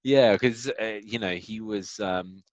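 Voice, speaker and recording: A man co-hosts a casual podcast in a very low voice, circling back over his points and scattering fillers along the way. The sound is close and dry, with no room around it. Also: slow, no room sound. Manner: rambling, lots of fillers and "man". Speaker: podcast co-host. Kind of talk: casual chat.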